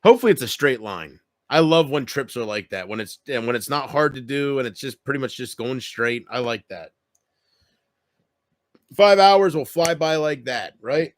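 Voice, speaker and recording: A man's voice: mid-range voice, lively intonation, moderate pace, no room sound, studio quality. A man chatting casually on his livestream, rambling and joking, with frequent swearing.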